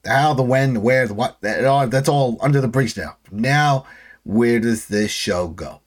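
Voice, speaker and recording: A man in a casual recap chat, talking in loose, rambling sentences and acting out characters' lines. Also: medium pitch. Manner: rambling, acts out characters' lines in quick voices. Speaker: podcast co-host.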